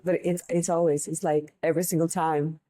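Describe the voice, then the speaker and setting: A woman's voice: low voice, flat delivery, fairly quick, dark tone, poor audio. A young woman hosting a podcast, chatting casually and rambling through funny bartending stories, laughing at her own tales. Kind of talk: casual storytelling monologue.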